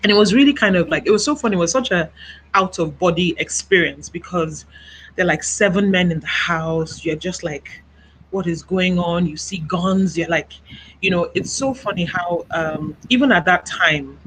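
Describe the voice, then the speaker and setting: A woman from Nigeria telling her personal story as an interview guest over a video call, speaking softly and haltingly with many pauses and fillers. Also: on the low side, slight background noise, rough recording. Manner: soft-spoken, halting, reflective, many "you know" fillers.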